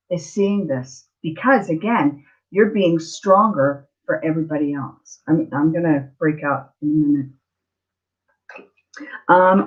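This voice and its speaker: A woman's voice: sits low, highs cut off. A woman giving a live online tarot reading, earnest and emotional, often checking in with the listener. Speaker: tarot reader.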